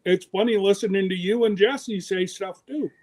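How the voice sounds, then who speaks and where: High-voiced man, chatty host. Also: darkish tone. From Canada. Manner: chatty, teasing, quick bursts. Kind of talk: casual livestream chat.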